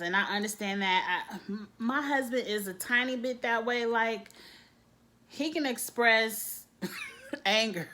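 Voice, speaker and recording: A woman's voice: on the high side, a bit bright. A woman, giving a casual, opinionated recap of a reality show and acting out the people she quotes. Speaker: TV show reviewer.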